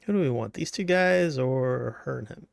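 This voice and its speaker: Gravelly-voiced male streamer chatting. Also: medium pitch, normal speed, no room sound, studio quality. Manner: rambling, joking, swears casually at the game. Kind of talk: casual livestream chat.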